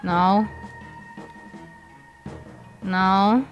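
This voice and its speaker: Slow-talking, self-mocking woman streamer. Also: mid-range voice, steady tone, faint music behind, rough recording. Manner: rambling, self-mocking, many restarts. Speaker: VTuber game streamer. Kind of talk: casual gameplay commentary.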